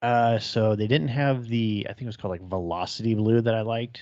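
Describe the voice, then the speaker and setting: Thirtysomething guy, podcast co-host, swears a lot, kinda low voice, dull dry recording. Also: steady tone, brisk, a little mellow, dry recording. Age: 30s. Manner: blunt, profane, swears freely. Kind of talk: casual chat.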